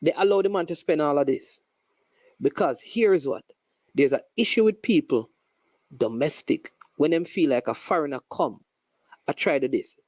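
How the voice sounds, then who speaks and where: Jamaican host, casual commentary, sarcastic, animated, wide-ranging pitch, dry room. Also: normal speed, no echo. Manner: animated, sarcastic, with frequent restarts and local phrases.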